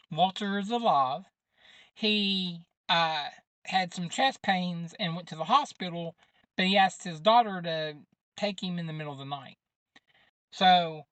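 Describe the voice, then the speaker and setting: A man's voice: sits high, a bit bright, no echo. A man hosting a podcast, casually recapping a movie's plot in a rambling way, with lots of fillers and informal grammar. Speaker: podcast host.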